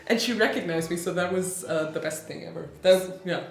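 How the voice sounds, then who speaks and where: A young woman from Germany, a native German speaker, chatting casually in English and acting out quotes with lively energy. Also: mid-range voice, a little fast, hardly any pauses. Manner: animated, acts out quotes, laughs often. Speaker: co-host. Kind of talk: casual chat. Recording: echoey room.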